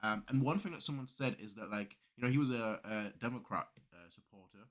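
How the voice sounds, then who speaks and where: A man hosting a reaction video, talking in a casual, excitable, rambling way with lots of restarts. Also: lowish voice, brisk.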